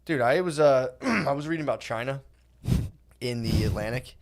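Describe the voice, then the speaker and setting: A man chatting on a comedy podcast at an ordinary middle pitch, laid-back and rambling. He trails off and restarts his thoughts often. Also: expressive, moderate pace. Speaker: podcast co-host. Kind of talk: casual chat.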